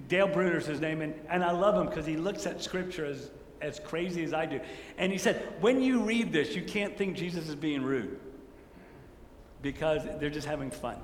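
A man preaching a sermon, telling stories with lively rhetorical questions and acting out the quotes. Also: sits high. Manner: animated storytelling, rhetorical questions, acts out quotes. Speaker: pastor. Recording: echoey hall with faint ambience.

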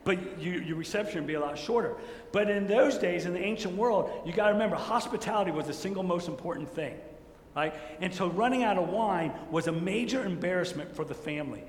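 Animated male preacher in an echoey hall. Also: high voice, brisk. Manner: animated storytelling, rhetorical questions, acts out quotes. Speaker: pastor. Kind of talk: sermon. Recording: echoey hall with faint ambience.

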